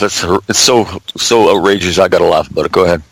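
A man's voice: low voice, fast talker, no echo, low-quality recording. A man in his sixties hosting a casual call-in talk show, folksy and blunt, calling his guest buddy. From Canada. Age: 60s.

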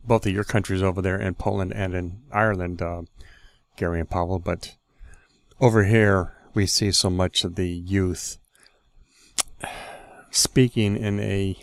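A man's voice: low voice, fairly even intonation, measured pace, no echo. A man hosting a casual discussion, blunt and opinionated.

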